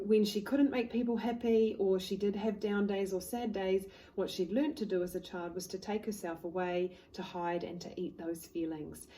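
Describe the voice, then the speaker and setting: A woman hypnotherapist, calmly telling a client's story to the camera. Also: on the low side, rough recording. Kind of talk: talking to camera, case story.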